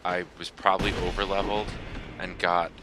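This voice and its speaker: A man's voice: sits low, little pitch movement, fairly quick. A man chatting casually as a guest on a gaming video, rambling and often chuckling. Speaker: podcast guest. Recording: noisy voice-chat recording.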